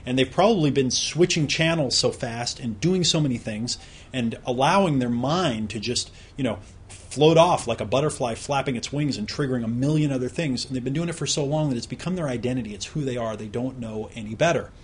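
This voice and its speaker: A man's voice: mid-range voice, a little fast, slightly rough. A man teaching a recorded self-help course on productivity, explaining in a conversational way with examples and questions put straight to the listener.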